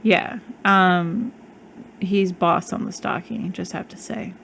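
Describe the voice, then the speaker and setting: A woman chats as a podcast co-host, laughing easily. She talks slowly and unhurriedly. A faint hiss sits under the recording. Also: fairly low pitch, fairly even intonation, vocal fry, a bit bright. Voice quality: lisp. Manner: chatty, laughs often. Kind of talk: casual chat.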